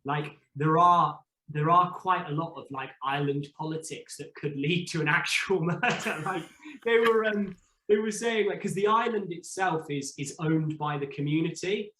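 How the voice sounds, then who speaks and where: A man's voice: on the high side, moderate pace, pushed and bright, reverberant, slight background noise, poor audio. A man, a podcast guest, telling a story in casual chat, rambling and full of restarts. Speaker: podcast guest, former reality show contestant.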